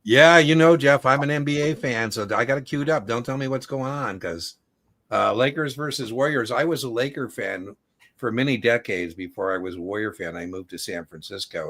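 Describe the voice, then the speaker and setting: Low gravelly man chatting. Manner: chatty, animated storyteller. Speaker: exam prep coach and host. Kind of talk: casual livestream Q&A.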